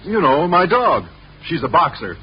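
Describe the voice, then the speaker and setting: A man's voice: fairly high pitch, very animated, normal speed, lo-fi sound. A man playing a shy, earnest biology teacher in a 1950s radio sitcom. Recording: old radio broadcast with hiss.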